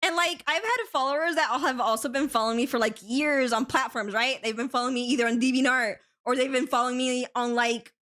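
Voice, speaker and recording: Bright, chatty American-accented young woman. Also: high voice, steady tone, fast, few pauses. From Spain. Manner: chatty, laughs often, swears freely. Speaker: art streamer. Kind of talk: casual chat while drawing on stream.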